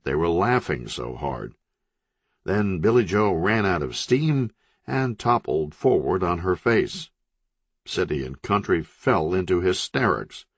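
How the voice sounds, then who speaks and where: A man narrating a crime novel audiobook with expressive, dramatic storytelling. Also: sits low, breathy edge, dry recording.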